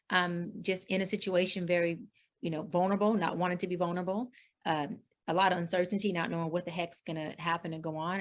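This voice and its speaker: A middle-aged woman life coach tells her story in an interview. She is earnest and expressive, and she acts out what others said in lively voices. Her voice sits slightly low, and her speech runs with fillers and restarts.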